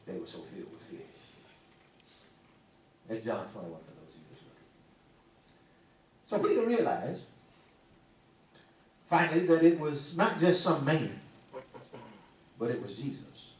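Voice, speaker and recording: Man preaching, lively folksy delivery, roomy distant sound, faint hum behind. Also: mid-range voice, measured pace, pauses often. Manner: animated, folksy, teasing the congregation. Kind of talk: sermon. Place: church sanctuary. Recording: echoey room, mic at a distance, faint ambience.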